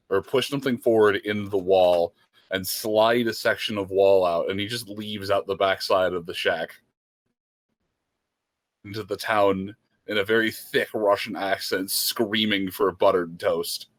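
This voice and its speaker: Low-voiced man running a tabletop game. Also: fairly even intonation, measured pace, no echo, low-quality recording. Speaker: game master. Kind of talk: narrating a tabletop role-playing game.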